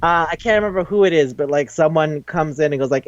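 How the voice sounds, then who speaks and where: A man with a somewhat high voice talks casually on a podcast, rambling loosely, swearing and acting out quoted lines. The recording is dry and a little dull. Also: quick pace, few pauses, no room sound. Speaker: podcast co-host. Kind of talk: casual chat retelling a manga.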